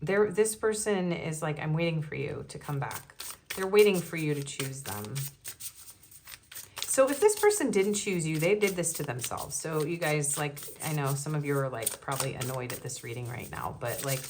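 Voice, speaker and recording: Giggly low-voiced woman reading tarot. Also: background noise. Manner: giggly, chatty, frequent ums and likes. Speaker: tarot reader.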